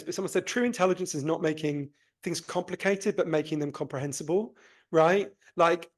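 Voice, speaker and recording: A man with a posh English accent, a guest author talking animatedly in a casual podcast interview, swearing freely, a little under the weather, speaking over a remote call. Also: a little high. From North London, England. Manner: animated, swears casually, self-correcting restarts.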